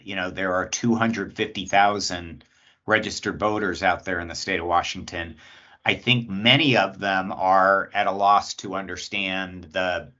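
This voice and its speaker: A man, speaking as a state lobbyist at an agency hearing, polite and measured with many pauses. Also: deep voice, pushed and bright, muffled recording. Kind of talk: public comment at agency hearing.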